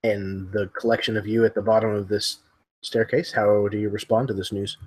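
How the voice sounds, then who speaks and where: A man running a tabletop zombie game as game master, narrating slowly and hesitantly. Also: on the low side, level tone, husky. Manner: slow, descriptive, hesitant.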